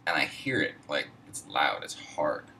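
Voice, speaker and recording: A man's voice: a bass voice, big pitch swings, moderate pace, bright, forceful tone, far from the mic, rough recording. A man casually telling a personal story, rambling and profane, heavy on fillers. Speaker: storyteller host.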